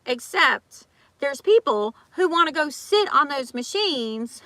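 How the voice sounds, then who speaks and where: A woman's voice: high voice, expressive, pushed and bright, no room sound. A woman vlogger in casual chat, ranting animatedly with lots of repeats and acted-out quotes. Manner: talks fast with restarts and repeats.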